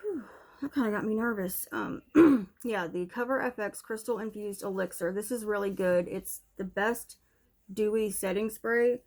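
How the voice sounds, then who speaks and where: A young woman chatting through her favourite beauty products in a relaxed, candid way, a touch out of breath. Her voice sits at an ordinary middle pitch. She talks straight to the camera like she is speaking to a friend. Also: normal speed. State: a little out of breath. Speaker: beauty vlogger. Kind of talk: casual product review chat. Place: home room, TV on in background.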